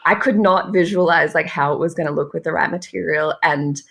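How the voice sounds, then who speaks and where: A woman's voice: low voice, a little fast, creaky, fairly bright tone. A young Australian woman, a podcast guest, chatting casually and laughing often as she acts out quoted conversations. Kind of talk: casual chat.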